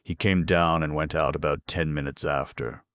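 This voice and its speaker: A man's voice: extremely low pitch, fairly even intonation, normal speed, fairly bright tone. A man reading the part of a young hotel hall boy, giving blunt, matter-of-fact answers. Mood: plain.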